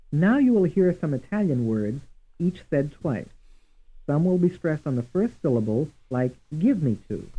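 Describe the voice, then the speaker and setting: A man narrating a recorded language drill, reading each item twice in a slow, measured way, heard from an old course tape. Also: a little high, phone-quality sound.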